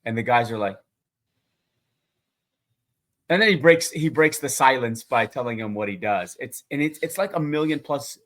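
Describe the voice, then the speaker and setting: A man's voice: mid-range voice, expressive, a little fast, fairly bright tone. Man, co-host, chatty, enthusiastic, digressive, casual chat, video call. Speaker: co-host asking questions.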